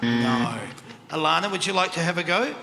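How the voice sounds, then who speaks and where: A man's voice: fairly high pitch, lively intonation, moderate pace, gravelly. An Australian man hosting a live quiz segment on a panel show, upbeat and chatty, laughing often. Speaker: quiz host. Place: country club function room. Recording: reverberant hall with crowd noise.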